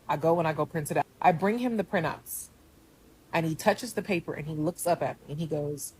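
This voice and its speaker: A woman telling a personal story in an animated way, with sudden swings in volume. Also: lowish voice, fast talker, slight background noise, rough recording. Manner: animated retelling with shifts in volume.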